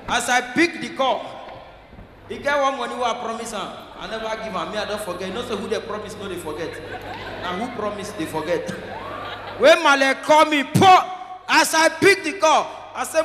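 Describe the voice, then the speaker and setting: Nigerian stand-up guy, high bright voice, big echoey hall. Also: very animated, normal speed, slight background noise. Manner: shifts between pidgin and English, acts out characters, shouts punchlines. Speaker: stand-up comedian. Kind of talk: live stand-up comedy. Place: large church hall, live audience. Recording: echoey hall, faint ambience.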